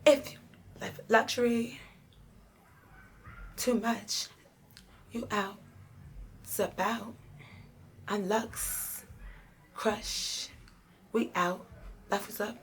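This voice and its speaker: A woman's voice: mid-range voice, steady tone, extremely slow, pauses often, slight background noise. A woman coaching her son in a recording studio. She gives emphatic, directive instructions and chats casually for a reality vlog.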